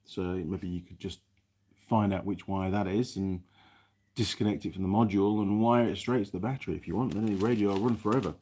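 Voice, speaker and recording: A man's voice: deep voice, steady tone, a little fast, darkish tone. A man hosting a casual live chat from his workshop, chatting and rambling with many restarts as he reads viewer comments. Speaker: live stream host, mechanic.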